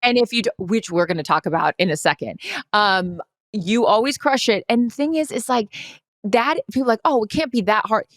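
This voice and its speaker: A woman's voice: medium pitch, brisk, a bit bright, no echo, clean studio sound. A middle-aged woman co-hosting a podcast, chatting casually in a brash, emphatic, profane way. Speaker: podcast co-host. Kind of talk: casual chat.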